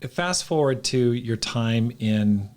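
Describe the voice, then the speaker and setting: A man's voice: medium pitch, expressive, takes it slowly, darkish tone. A man hosting a podcast interview, asking brief questions to move the story along. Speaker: podcast host.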